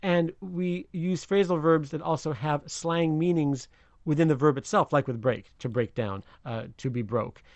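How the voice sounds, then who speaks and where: A man who is a slang expert guest on a radio show, explaining idioms in an animated, chatty way, often chuckling. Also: on the high side, moderate pace, no echo. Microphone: remote line from another city.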